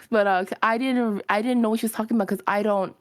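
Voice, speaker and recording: A woman's voice: mid-range voice, steady tone, fast talker. A woman co-hosting a stream, casually chatting and telling a story, acting out quotes and laughing often. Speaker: stream co-host. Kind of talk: casual chat while drawing.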